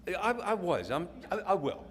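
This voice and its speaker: A man's voice: high voice, sing-song, moderate pace. A man with an English accent giving a rambling story speech to an audience at a company event, stumbling and restarting now and then. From England. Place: large event hall. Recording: echoey hall with faint noise.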